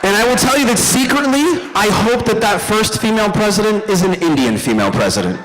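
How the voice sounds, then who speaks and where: A young man doing a stand-up comedy set, telling animated stories and talking to the crowd. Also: high voice, quick pace, slight background noise. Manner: animated storytelling, addresses the crowd. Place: event hall stage. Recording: live hall with long reverb.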